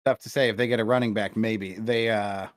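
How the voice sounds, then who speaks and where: Low-voiced man rambling about sports. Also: fairly even intonation, fairly quick. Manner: rambling, profane, self-deprecating. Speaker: podcast co-host. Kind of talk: casual sports chat. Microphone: remote call connection.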